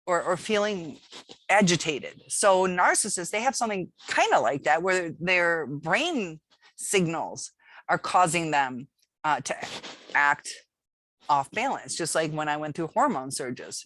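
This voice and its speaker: Low-voiced woman musing candidly to camera. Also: a bit bright, no echo. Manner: rambling, many fillers and restarts, candid. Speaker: channel host. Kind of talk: casual talk to camera.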